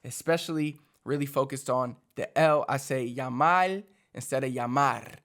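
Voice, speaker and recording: A man's voice: medium pitch, normal speed. A man from Puerto Rico, teaching in a casual, chatty way full of fillers, as a language coach. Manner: animated, chatty, many fillers like "like".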